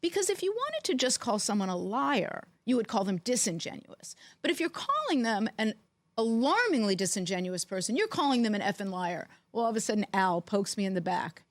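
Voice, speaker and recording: A middle-aged woman co-hosts a podcast and spins animated anecdotes, slipping into quoted voices as she goes. She sits at an ordinary pitch for a woman, recorded close and dry with no room sound. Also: brisk, no echo. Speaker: podcast co-host, former team executive. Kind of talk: storytelling in casual chat.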